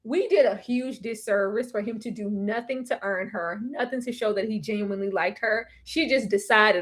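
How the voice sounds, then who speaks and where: A woman hosting a casual livestream chat, animated and slangy, laughing often. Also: medium pitch, moderate pace, hardly any pauses. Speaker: livestream host.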